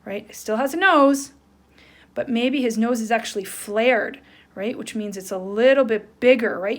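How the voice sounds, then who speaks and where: A woman teacher giving a playful, animated lesson to young children, checking in with "right?" as she draws. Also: a little high. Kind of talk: children's lesson, drawing along.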